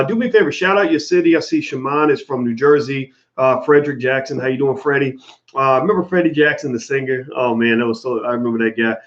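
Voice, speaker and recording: A man's voice: a little high, highs cut off. A man hosting a live-stream commentary show, chatting casually and greeting viewers by name. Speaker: host.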